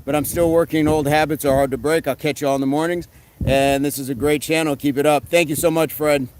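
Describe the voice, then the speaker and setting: Man, live-stream fitness host, relaxed chat, reads comments aloud, voice a bit high, light outdoor noise. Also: low-quality recording. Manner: relaxed, answers chat questions with quick tips.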